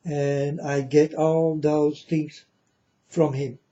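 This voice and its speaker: Slow, dark-voiced man preaching to viewers. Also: a little high, little pitch movement, dull audio. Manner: slow, repetitive, keeps asking "you understand?". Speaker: channel host. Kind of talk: religious monologue to viewers.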